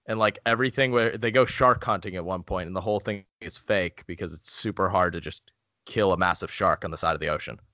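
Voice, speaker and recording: A man's voice: deep voice, fast talker, pushed and bright, dry recording. A young man co-hosting a podcast, trading dry jokes in casual banter. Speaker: podcast co-host.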